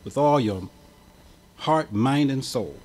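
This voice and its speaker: A man's voice: mid-range voice, lively intonation, slow pace, a little mellow. A man preaching a sermon as imam, with an impassioned cadence that swells and drops. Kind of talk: Friday sermon.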